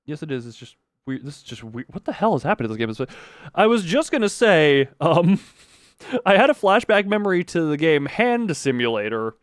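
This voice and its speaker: A man streaming live, chatting casually while gaming, excitable and rambling with mild swearing and frequent laughs. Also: a little high, normal speed, dry recording, clean studio sound.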